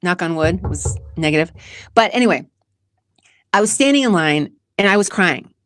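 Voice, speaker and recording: A woman's voice: lowish voice, lively intonation, moderate pace, no room sound, clean studio sound. Earnest, emotional woman talking candidly. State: tearful at times. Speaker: podcast host. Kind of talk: casual personal monologue.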